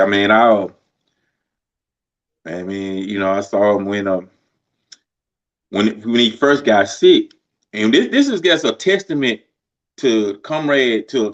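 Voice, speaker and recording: A man telling stories in a laid-back, colloquial way, often pausing with fillers. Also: fairly low pitch. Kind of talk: casual conversation. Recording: slightly dull lo-fi sound.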